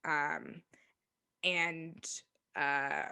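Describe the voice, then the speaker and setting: Woman, twenties, interview guest, low-pitched, unhurried, hesitant, reflective. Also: very animated, pushed and bright, clear, resonant tone. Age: 20s. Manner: hesitant, many ums and restarts. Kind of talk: reflective casual conversation.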